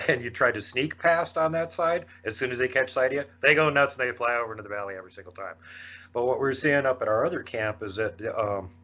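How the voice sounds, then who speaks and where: A man hosting a podcast in casual chat, relaxed and chuckling often. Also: medium pitch, fast talker. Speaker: podcast host. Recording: dull lo-fi audio.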